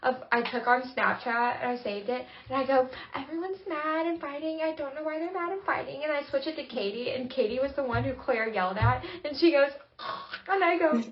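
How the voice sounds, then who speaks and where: A young woman co-hosting a podcast, telling a story with lively voiced-out quotes and frequent laughter. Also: on the high side. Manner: animated storytelling, acting out quotes, laughing often. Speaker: podcast co-host. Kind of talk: casual chat. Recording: dull lo-fi recording.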